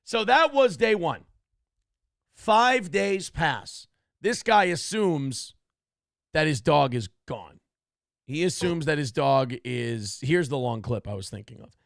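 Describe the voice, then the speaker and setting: Guy ranting crude jokes on his show, gravelly voice, bouncy pitch, dry sound. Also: lively intonation, slow pace, no room sound. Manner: crude, profane, mocking rant. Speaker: morning show host. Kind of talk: comedic commentary on a news clip.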